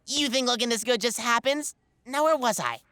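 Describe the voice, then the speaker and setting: A woman voices a vain, bossy cartoon schoolboy with a smug manner. Her voice is fairly high and fairly bright, with lively intonation at normal speed, recorded in studio quality with no room sound.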